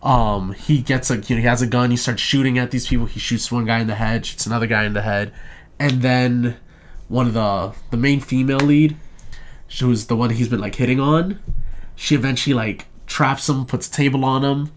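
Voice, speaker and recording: A young man talking through a movie plot in loose, profane, rambling chat. He drops into quick impressions of the characters as he goes. His voice sits at an ordinary middle pitch. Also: steady tone. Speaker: podcast co-host reviewing a movie. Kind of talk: casual chat.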